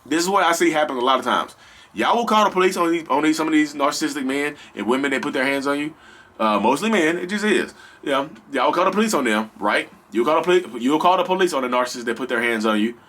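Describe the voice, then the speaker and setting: A man hosting a casual advice vlog, talking straight to his viewers in an animated, slangy, rambling way. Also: fairly high pitch, fast. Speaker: vlog host.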